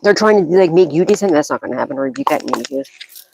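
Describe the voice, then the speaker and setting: A woman's voice: sits low, lively intonation, rapid-fire, creaky, mellow, slight background noise, poor audio. A woman gives a psychic tarot reading as a loose, casual monologue. She is blunt and profane, scolding freely and breaking into bursts of laughter as she talks.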